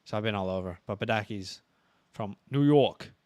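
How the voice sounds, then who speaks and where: A man from Virginia co-hosting a live stream, chatty and teasing, giving quick asides. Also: on the low side, a little mellow, dry recording. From Virginia, United States. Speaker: co-host. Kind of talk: casual live-stream chat.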